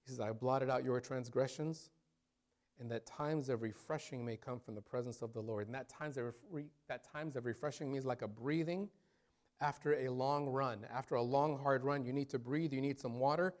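A male pastor preaching a sermon, emphatic. He slows right down to stress scripture and repeated phrases, and his volume swings from quiet drops to strong build-ups. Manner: voice rises and falls widely in loudness, dropping low then building up.

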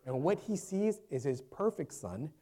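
A man's voice: a little high, sing-song, measured pace, mellow, breathy edge. A man preaching a sermon, speaking conversationally at first and rising into fervent, raised-voice preaching, repeating phrases for emphasis. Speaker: pastor.

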